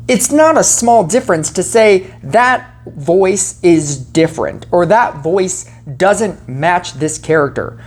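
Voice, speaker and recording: Female film reviewer, slightly low voice, casual and rambling, filler-heavy. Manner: rambling, heavy on "like" and "you know", self-correcting.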